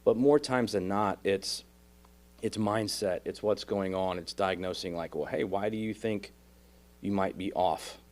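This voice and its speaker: A man's voice: sits low, unhurried, darkish tone. A man with a Texan accent who coaches real estate agents, reflecting on his coaching on a podcast. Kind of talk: podcast conversation.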